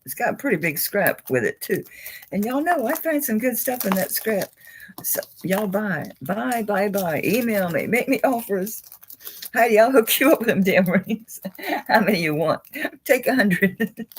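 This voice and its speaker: A woman's voice: on the high side, lively intonation, moderate pace, a little hiss or hum, poor audio. A woman, chatting casually and folksily as she sells jewelry on a live stream.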